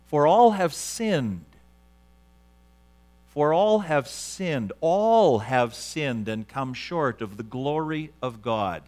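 A man's voice: fairly high pitch, fairly bright tone. A man preaching a sermon, retelling a story with dramatic flair and acting out the quotes.

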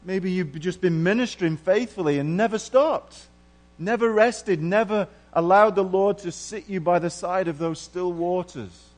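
A middle-aged man preaching a sermon earnestly, moving between hushed and emphatic passages. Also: high-pitched, normal speed. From England.

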